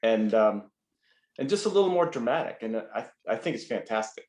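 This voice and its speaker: A man giving gentle feedback in a horn masterclass, stumbling over his words. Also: mid-range voice, lively intonation, normal speed, roomy sound. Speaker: horn teacher.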